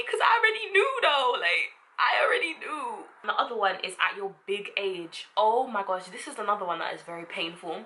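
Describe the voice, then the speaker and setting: A young woman talks straight to her viewers in a loose, chatty vlog. Her voice is bright and forward. She sits at a middle pitch and delivers everything with sass and quick asides. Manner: sassy, expressive, quick asides and frequent laughter. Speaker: vlogger. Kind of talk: casual talk to camera.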